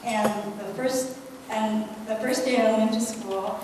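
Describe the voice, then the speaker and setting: An older woman from the United States, telling a chatty story in a soft voice as a guest speaker at an anniversary party. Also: fairly high pitch, fairly even intonation, unhurried, noisy background. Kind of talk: anniversary speech. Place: hotel banquet hall. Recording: echoey banquet hall from far off.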